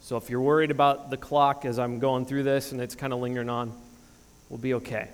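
A man's voice: medium pitch, flat delivery, brisk, clear, resonant tone, long reverb tail. A man in his thirties preaching a sermon as pastor, earnest and emphatic, often restarting phrases. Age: 30s. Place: church sanctuary.

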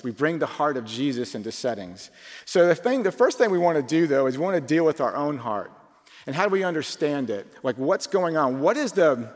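A man preaching a conversational sermon, informal and full of rhetorical questions, shifting between quick asides and slow emphatic phrases. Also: on the high side. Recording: long reverb from a large hall.

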